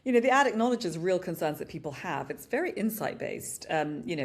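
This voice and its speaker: A woman's voice: on the low side, brisk. A British woman co-hosting a podcast, chatting casually and with animation about advertising, often saying "you know". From Britain. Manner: animated, upbeat commentary with frequent "you know". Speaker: podcast co-host. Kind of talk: casual marketing discussion.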